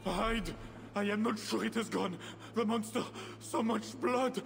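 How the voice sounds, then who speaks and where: A man's voice: high-pitched, a little slow, creaky. An actor playing a terrified male tavern keeper who frantically urges others to hide. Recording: reverberant game audio with faint noise.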